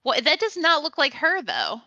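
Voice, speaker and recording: Blunt casual woman with a gravelly, bright voice. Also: high voice, wildly swooping pitch, normal speed, highs cut off. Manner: blunt, swears. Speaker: voice actor. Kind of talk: casual chat.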